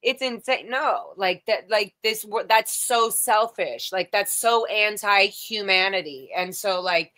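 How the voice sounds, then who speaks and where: Chatty woman host on a video call, bright tone, rambling with lots of fillers. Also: medium pitch, a little slow, few pauses. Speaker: livestream host. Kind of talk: casual video chat.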